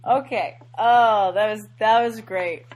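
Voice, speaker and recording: A woman's voice: medium pitch, takes it slowly, darkish tone. A woman co-hosting a podcast, chatting casually about a movie and laughing often. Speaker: podcast co-host.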